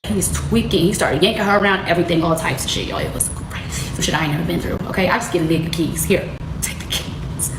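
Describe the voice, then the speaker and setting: A young woman with speech tells a personal story at a rapid clip, slipping into the voices of the people she quotes. Her voice sits mid-range for a woman. She sounds roomy and echoey, with loud noise behind her. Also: mid-range voice. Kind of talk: casual storytelling.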